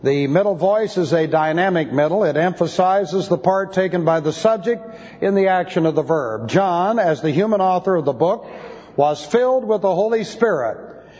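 A man's voice: sits high, moderate pace, a little mellow. Man teaching scripture in a reverberant hall. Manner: methodical, precise, explains Greek grammar in detail. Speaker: pastor. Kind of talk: expository Bible teaching sermon. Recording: dull, lo-fi recording with long hall reverb.

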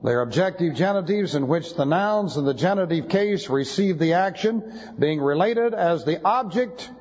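A man's voice: fairly high pitch, darkish tone. A man teaching the Bible in a lecture style, emphatic, spelling out Greek words letter by letter. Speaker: pastor. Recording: dull lo-fi tape in a reverberant hall.

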